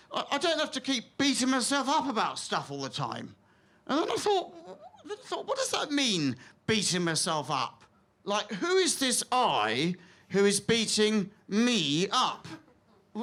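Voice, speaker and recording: A man doing stand-up comedy on a theatre stage, excitable, with stammering restarts that drop into hushed asides. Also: very high-pitched.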